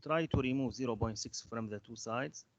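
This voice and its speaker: A man teaching a math class, slowly guiding students through a revision lesson with hesitant fillers. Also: medium pitch, no room sound, dull audio. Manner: slow, patient, instructing with fillers.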